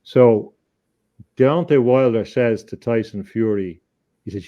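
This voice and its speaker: A man, a guest on an interview show, telling a story in an earnest, halting way, often repeating words as he thinks. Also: medium pitch, lo-fi sound. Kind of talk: conversational storytelling.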